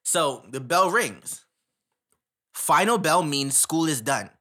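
A man's voice: a little high, animated, slow, bright, forceful tone. A young man from Canada, telling a story in casual chat, rambling with slang and frequent laughter.

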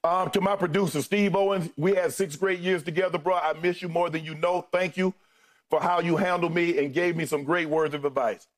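A man's voice: a little high, fairly even intonation, a little fast. A middle-aged man delivering an on-air farewell as co-host, thanking colleagues one by one while holding back tears. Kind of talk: emotional on-air farewell speech.

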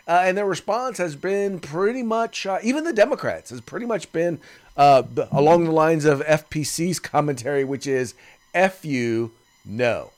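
Animated man co-hosting a podcast. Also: on the high side. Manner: animated, rambling with restarts. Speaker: podcast co-host. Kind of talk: casual podcast chat.

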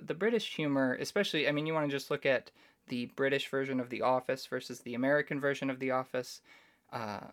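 A man's voice: medium pitch, a bit bright. Male solo podcast host, casual and opinionated, talks things through at length. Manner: chatty, opinionated, explains at length.

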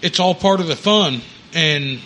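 A man's voice: on the high side, measured pace, sharp tone, a little hiss or hum. A man, laid-back, chatting casually as the podcast host. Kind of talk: casual chat.

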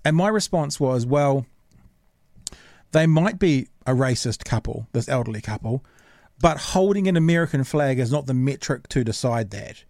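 A man's voice: medium pitch, moderate pace, a little mellow, no echo, studio quality. A man hosting a casual podcast, making his case earnestly and thinking aloud. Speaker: podcast host.

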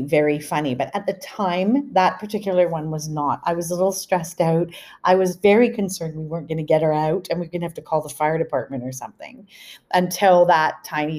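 A middle-aged woman with a slightly low voice tells a family anecdote on her podcast. She talks in an animated, chatty way with plenty of asides. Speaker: podcast host. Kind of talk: storytelling monologue.

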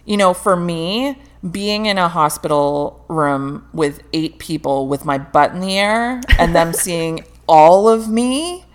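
A woman's voice: fairly low pitch, slow pace, few pauses. A woman guest in casual podcast chat, talking candidly with frequent laughter and the odd swear word.

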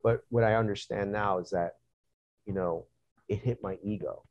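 A man telling a story in conversation, profane and animated, acting out scenes as he goes. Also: on the low side, moderate pace, no echo, muffled recording.

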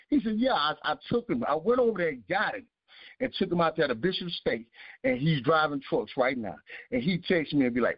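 A man's voice: on the high side, lively intonation, fairly quick, slightly rough, dry recording. A man, giving earnest testimony with a preaching cadence, repeating his key phrases. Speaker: guest. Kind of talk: emotional testimony. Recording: dull lo-fi sound.

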